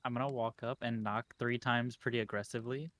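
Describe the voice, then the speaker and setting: A man's voice: mid-range voice, steady tone, brisk, fairly bright tone. A man playing a tabletop game with a dry, joking manner. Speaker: player. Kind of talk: casual tabletop role-play.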